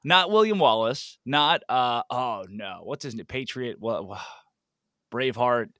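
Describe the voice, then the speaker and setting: A man co-hosting a casual sports podcast, riffing with jokey, animated asides. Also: medium pitch, unhurried, no room sound, studio quality. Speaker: podcast co-host.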